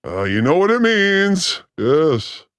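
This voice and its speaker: A man co-hosting a casual reaction chat, laughing often, talking loud and animated, and mimicking people he talks about. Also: a little high, slow, clean tone, dry recording. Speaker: podcast co-host.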